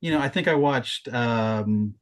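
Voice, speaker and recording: This man co-hosts a podcast, speaking at a medium pitch and an unhurried pace. His casual chat is full of animated stories, and he keeps restarting sentences and swearing often.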